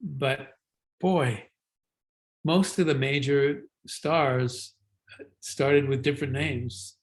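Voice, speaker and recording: A man's voice: mid-range voice, fairly even intonation, very slow. An older man, a guest actor, telling stories in a casual interview, rambling with many fillers and restarts. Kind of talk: casual interview talk, storytelling.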